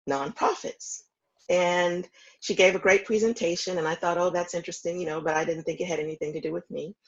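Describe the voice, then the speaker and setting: Low, gravelly woman telling her story. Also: lo-fi sound. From Houston, Texas. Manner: measured, reflective storytelling with frequent ums. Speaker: interview guest, foundation founder. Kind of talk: remote interview, storytelling.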